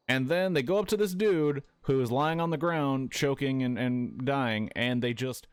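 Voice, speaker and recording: A man's voice: medium pitch, normal speed, hardly any pauses, clean tone, dry recording. A man casually retelling a film for laughs while he plays a video game at home, rambling, swearing and correcting himself as he goes. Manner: profane, rambling, corrects himself mid-sentence. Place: his apartment.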